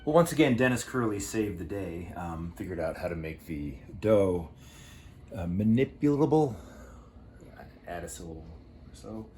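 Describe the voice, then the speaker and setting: A man's voice: deep voice, animated, moderate pace, a little mellow, a little hiss or hum. A man co-hosting a cooking show, chatting casually and cracking rambling, playful jokes as he works.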